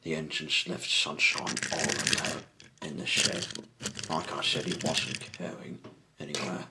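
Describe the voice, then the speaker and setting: A man reading a children's story aloud in an unhurried amateur style, often stumbling and rephrasing. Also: rumbling low, little pitch movement, very noisy. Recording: echoey room.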